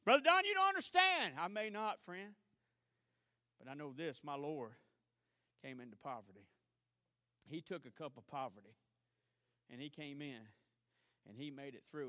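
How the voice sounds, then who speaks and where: A male pastor with a Southern US accent preaching a sermon, swinging between shouted exhortation and quiet storytelling. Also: mid-range voice, no echo, studio quality. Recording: archived church service.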